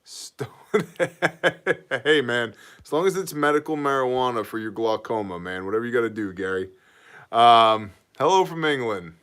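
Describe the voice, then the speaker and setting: A man hosting a prepper Q&A livestream, greeting viewers by name with loose jokes and making an energetic appeal for mission donations. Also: mid-range voice, moderate pace, clear, resonant tone. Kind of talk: casual livestream chat.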